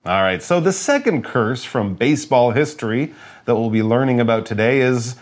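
A man's voice: medium pitch, expressive, normal speed, soft background music. A man co-hosting an English lesson show, explaining vocabulary in a playful, teacherly way.

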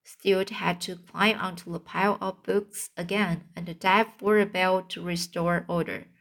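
Slow, careful woman reading a storybook. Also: lowish voice, fairly even intonation, gravelly, a bit bright. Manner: slow, careful, restarts on hard words. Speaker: narrator. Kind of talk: reading a children's book aloud.

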